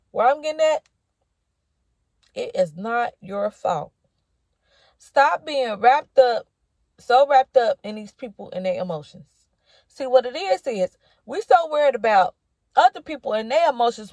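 A woman minister delivers a prophetic word to the camera, preaching with impassioned, rhythmic repetition and calling the listener honey and baby. Her voice sits high but has a darkish tone, and the recording is dry.

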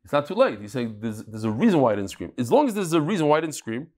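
A man teaching a daily Talmud class, telling stories with animated energy and mixing Hebrew and Yiddish terms into his English. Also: medium pitch, fast.

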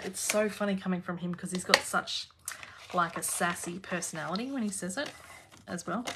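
Recorded with a lot of noise, this Australian woman talks at normal speed in a mid-range voice. She hosts a live craft class in her home craft room, laughing frequently and chatting easily while working.

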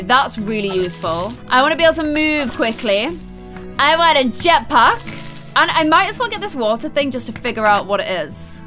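A woman hosting a let's play video, chatting excitedly to viewers and gasping and squealing at the game. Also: high-pitched. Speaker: gaming video host.

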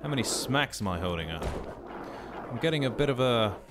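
A middle-aged man hosts a let's play, offering casual commentary on his game with background game music playing. He talks to himself in a sweary, jokey way, his medium-pitched voice animated and a little fast.

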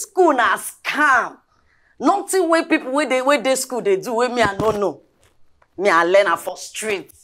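An actress playing a cheeky, streetwise housemaid who speaks in Nigerian Pidgin and rants in a loud, drawn-out way. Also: female voice, a little high.

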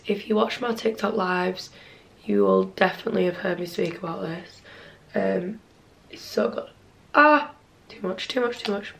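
A woman's voice: mid-range voice, a little hiss or hum. Chatty young woman vlogging. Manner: chatty, lots of "like" and "um", laughs and swears freely. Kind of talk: casual vlog chat to camera.

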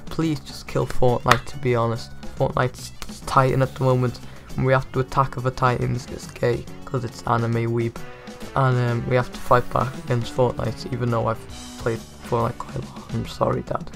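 A man's voice: mid-range voice, vocal fry. A young man giving jokey, rambling commentary on a video game reveal as a gaming YouTuber.

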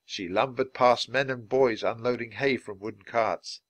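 A man reading a children's chapter book aloud in a clear, measured, lively way. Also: medium pitch. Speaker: storybook reader.

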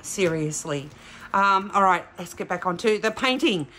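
Animated and forceful, her bright mid-range voice moves at a normal speed. She's an Australian woman running a diamond painting channel, chatting to her audience in a casual vlog as she unboxes a craft kit.

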